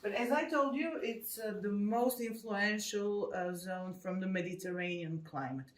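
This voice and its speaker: A woman, a wine store owner explaining wine regions in halting, careful English. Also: medium pitch. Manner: explanatory, halting non-native phrasing. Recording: very echoey store, mic far off.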